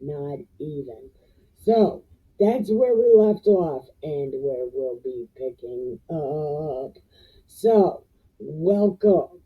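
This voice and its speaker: A woman retells Bible stories with crude slang and jokes, as the host of her own show. Her voice is husky and breathy, a bit low, and she talks slowly. The sound is tinny, as if over a phone. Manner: slangy, profane, jokey. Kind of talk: irreverent comic Bible retelling.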